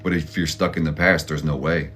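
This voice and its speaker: A man's voice: a bass voice, little pitch movement, fairly quick, fairly bright tone, a little hiss or hum. A man hosting an astrology and tarot reading, talking in a blunt, profane, pep-talk style full of slang. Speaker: astrology and tarot channel host. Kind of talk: casual motivational tarot reading.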